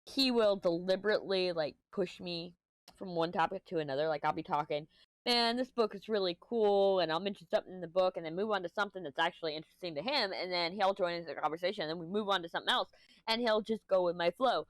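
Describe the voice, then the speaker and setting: A middle-aged Texan woman with a fairly low voice talks casually over her craft work, recorded dry and close on a desk mic. She rambles from one topic to the next, swears now and then, and sounds a bit stuffy-nosed. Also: fast talker, dry recording. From Texas. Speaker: craft vlogger. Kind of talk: casual chat while crafting.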